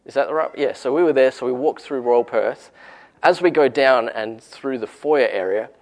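A man with an Australian accent preaching a relaxed, encouraging sermon and telling a story in a conversational way. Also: mid-range voice, normal speed.

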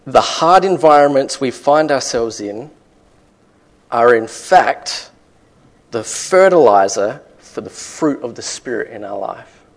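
A man's voice: medium pitch, expressive, slow pace. A man preaching a sermon, emphatic, with rising rhetorical questions to the congregation. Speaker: pastor.

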